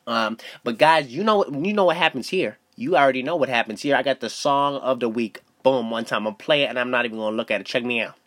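A man's voice: medium pitch, quick pace, hardly any pauses, a bit bright. A young man hosting a solo podcast, telling stories loosely with lots of swearing and fillers. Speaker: podcast host. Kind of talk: casual solo podcast monologue.

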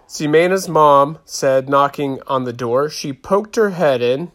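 A man narrating a children's story in a steady reading voice. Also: medium pitch, measured pace, few pauses. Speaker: audiobook narrator.

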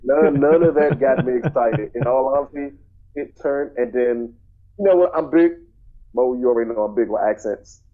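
A man's voice: medium pitch, moderate pace, phone-quality sound. A man co-hosting a casual movie podcast, blunt and opinionated, who often repeats himself. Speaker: podcast co-host.

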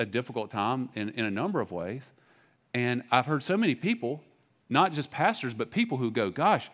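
A man delivers a sermon from a church pulpit. His voice sits in a middle register, and his talk is plain and candid, full of restarts, asides and little fillers as he talks to his congregation. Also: medium pitch. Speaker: pastor. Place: church sanctuary.

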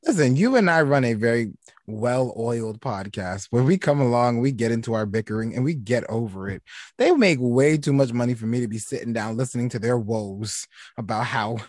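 A man co-hosting a podcast in casual chat, blunt and sassy, telling animated stories. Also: mid-range voice, fairly quick, no echo, clean studio sound. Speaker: podcast co-host.

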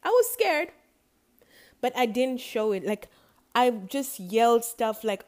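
A woman's voice: on the high side, animated, unhurried, a little mellow. Playful, chatty woman podcast host. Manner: playful, chatty, laughs at her own jokes. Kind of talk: casual solo podcast talk.

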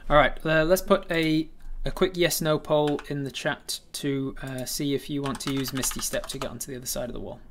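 A man narrating a tabletop game as the game master, relaxed and meandering, with frequent hesitations. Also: medium pitch, a little fast, few pauses, a little hiss or hum.

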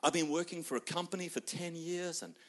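A male pastor preaching a sermon, telling stories and acting out people's voices, swinging between loud outbursts and hushed moments. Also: a little high, fairly quick.

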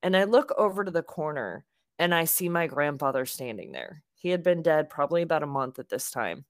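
A young adult woman co-hosting a podcast, telling a story in a casual, animated way and acting out the quotes. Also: low voice, fairly quick, dry recording, studio quality. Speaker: podcast co-host.

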